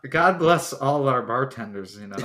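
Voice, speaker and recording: A man's voice: mid-range voice, expressive, unhurried, a crowd in the background. A man co-hosting a podcast, adding wry, joking comments in casual chat. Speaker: podcast co-host.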